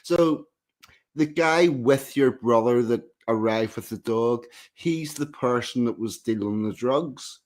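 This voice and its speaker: Guy hosting a chat, asks probing questions and sums up, middle pitch. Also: slow. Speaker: host. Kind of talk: casual conversation.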